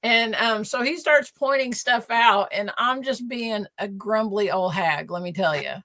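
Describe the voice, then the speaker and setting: A woman, hosting a casual livestream and telling a story in a chatty, animated way with many fillers. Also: medium pitch, unhurried. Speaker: host.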